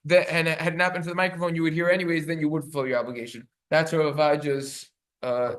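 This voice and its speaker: A rabbi teaching a class delivers a halachic lecture in a fairly high male voice with little pitch movement. He speaks quickly, reading sources aloud in Hebrew and then translating them with many fillers.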